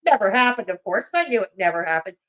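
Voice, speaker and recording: A woman's voice: mid-range voice, very animated, fast, fairly bright tone, poor audio. A woman hosting a live-stream, commenting on clips in a sarcastic, mocking way. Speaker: commentary channel host.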